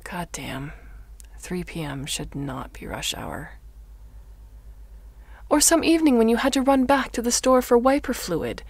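A woman voicing a tired, sardonic adult woman who lives inside a computer, talking in a flat, weary way for an audiobook. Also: a little high, unhurried, long pauses, husky, no room sound, full character voice. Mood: deadpan. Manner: weary and deadpan. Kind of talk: audiobook narration.

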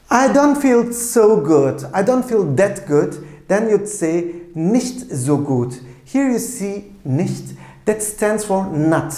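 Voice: medium pitch, darkish tone, reverberant. A language teacher giving a patient lesson, explaining carefully and repeating each phrase several times.

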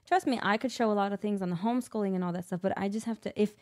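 A woman co-hosting a podcast in relaxed conversation. Her pitch sits in the middle of the usual range. She speaks earnestly about what she thinks and teases her co-host along the way. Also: very fast. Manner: earnest, teasing, laughs often. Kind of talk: casual chat.

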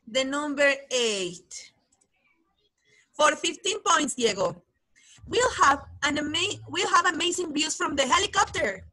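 A woman's voice: high voice, expressive, a little slow, bright, forceful tone. A woman teaching English to children over a video call, running a quiz and cheering pupils on by name. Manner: encouraging, calls on pupils by name. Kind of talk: online class quiz game.

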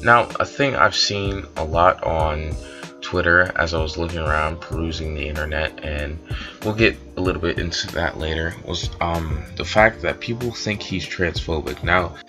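Deep-voiced man giving loose commentary. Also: normal speed, over music. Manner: loose, rambling explainer with fillers. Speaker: commentary YouTuber. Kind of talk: casual commentary.

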